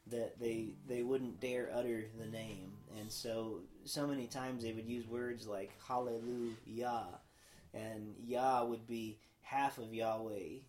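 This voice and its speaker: In a podcast studio, a male host with a mid-range, slightly mellow voice chats casually about a worship song, with some worship singing mixed in. He speaks earnestly and reflectively, often letting his thoughts trail off unfinished.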